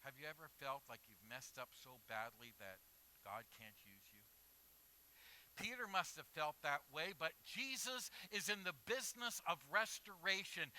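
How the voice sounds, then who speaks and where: A man's voice: a little high, bright, forceful tone, slight background noise, poor audio. A male pastor giving an earnest, emphatic sermon.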